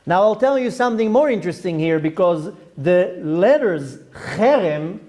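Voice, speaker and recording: Middle-aged male rabbi, sermon delivery, emphatic and questioning, lively pitch. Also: normal speed. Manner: emphatic, rhetorical questions, dips into Hebrew terms.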